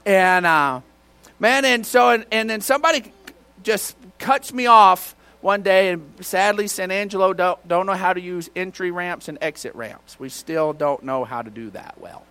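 A male pastor preaches to his church, his voice sitting on the high side. He tells homespun stories in a loose, conversational way. Every so often he breaks into a sudden shout. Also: moderate pace, clear, resonant tone. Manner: folksy storytelling with bursts of shouting. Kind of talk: sermon.

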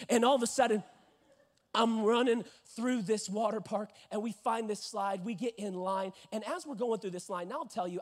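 A young man in his twenties preaching a sermon, telling a lively story and acting out voices, rising to shouts at the peaks. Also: high voice. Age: 20s.

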